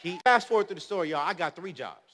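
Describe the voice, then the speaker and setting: A male preacher in his thirties telling his story in an animated, humorous speech, swinging between loud and soft. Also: high voice, fast, slight background noise. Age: 30s. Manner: humorous, slangy. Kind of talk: motivational speech. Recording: long hall reverb.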